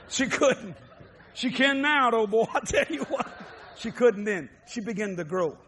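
High-voiced Cajun preacher, shouting then chuckling. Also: male voice, expressive, takes it slowly, pauses often. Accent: Cajun, Louisiana. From New Orleans, Louisiana. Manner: shouts emphatic lines, then drops low and chuckles through stories. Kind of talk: sermon with humorous storytelling.

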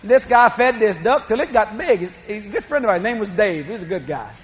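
A middle-aged man preaching a sermon, telling lively stories with laughing asides. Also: high-pitched, fast. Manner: storytelling, animated, laughing asides.

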